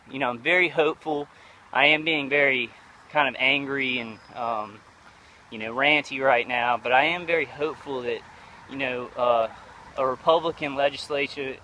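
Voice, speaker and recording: A young man rants into his camera outdoors, agitated and earnest, circling back to the same points. His voice is bright and forceful at a middle pitch, with faint street noise behind him. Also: low-quality recording. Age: young adult. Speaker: vlogger. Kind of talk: ranting video update.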